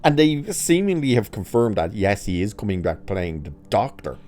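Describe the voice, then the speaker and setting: A man's voice: on the low side, very animated, normal speed, a little mellow. A man giving casual, opinionated commentary, sarcastic and exasperated, laughing at his own jokes. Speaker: pop culture commentator.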